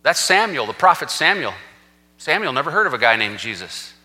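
A man's voice: mid-range voice, sing-song, brisk, pushed and bright. A man preaching a sermon as senior pastor, emphatic and reading scripture aloud with rising force. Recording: reverberant hall.

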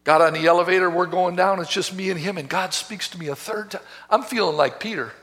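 A man preaching a sermon as pastor, telling a story with passion, swinging between hushed and loud. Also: high voice, fast talker. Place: church sanctuary. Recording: reverberant church hall.

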